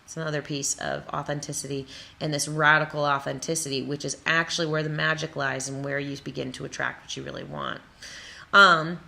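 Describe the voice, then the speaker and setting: A woman from Wisconsin with a bright, forceful tone sitting a little low in pitch. She speaks as a motivational coach and builds her points in emphatic runs of repeated phrases. She drops in playful, silly asides along the way. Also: gravelly. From Wisconsin, USA. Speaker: creative coach. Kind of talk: motivational talk to camera.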